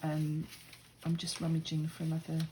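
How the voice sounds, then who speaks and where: A woman's voice: deep voice, completely flat delivery, moderate pace, mellow, a little hiss or hum, low-quality recording. A middle-aged woman chatting casually and rambling a little while she works on a craft project, poking fun at herself. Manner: chatty, rambling, self-deprecating. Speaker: crafting vlogger.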